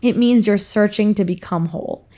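A woman's voice: medium pitch, moderate pace, dark tone. Frank, profane young woman giving a pep talk. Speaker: podcast host, influencer. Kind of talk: casual heartfelt monologue.

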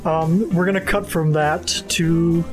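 A man narrating as game master in a tabletop game, casual and halting, with many fillers. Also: a little high, fairly even intonation, music in the background.

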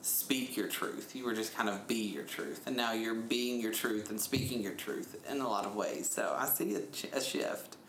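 A man in his thirties telling a story in a casual chat, animated and laughing often, his pitch jumping up when he retells things. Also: moderate pace, few pauses. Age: 30s. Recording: echoey room with faint noise.

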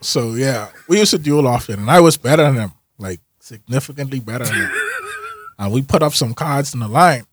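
A man co-hosting a casual podcast, telling a childhood story in a laid-back way, often trailing off softly. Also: medium pitch, lively intonation, fairly quick, no echo. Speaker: podcast co-host.

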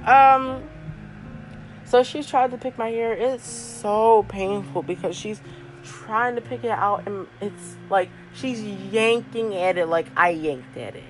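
A woman's voice: medium pitch, low-quality recording. A young woman hosting her own podcast, telling a personal story in a casual, chatty way with frequent laughs and fillers. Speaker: podcast host.

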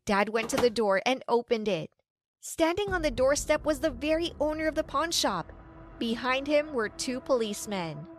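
A woman's voice: sits high, animated, normal speed, slight background noise. A woman narrating a dramatic first-person story, voicing the quotes lightly.

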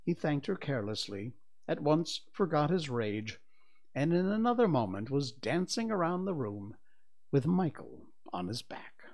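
A man narrating a classic children's story in an expressive reading voice. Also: fairly high pitch, unhurried. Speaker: audiobook narrator.

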